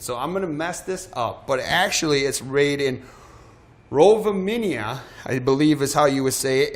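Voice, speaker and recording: A man's voice: mid-range voice, fairly bright tone. A man hosting a live shopping show, talking in a chatty, self-deprecating way and often stumbling over his words. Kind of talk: live sales pitch.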